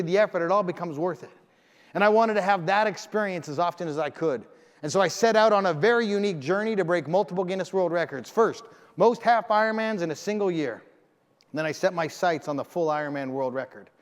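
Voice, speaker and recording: A man giving a motivational keynote, telling a story with emphasis and acting out the lines of the people in it. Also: high-pitched. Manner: emphatic, acts out dialogue in the story. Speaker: keynote speaker. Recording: long hall reverb.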